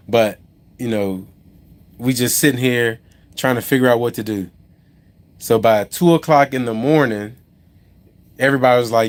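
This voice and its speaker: Rambling trucker telling a road story. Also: male voice, medium pitch. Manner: rambling, with many restarts and asides to viewers. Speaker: truck driver and trucking company owner. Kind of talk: casual live-stream story.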